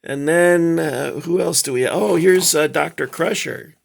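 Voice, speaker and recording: Slow gravelly man rambling about toys. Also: fairly high pitch. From Southern California. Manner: rambling, halting, many fillers. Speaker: toy collector host. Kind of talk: casual show-and-tell chat.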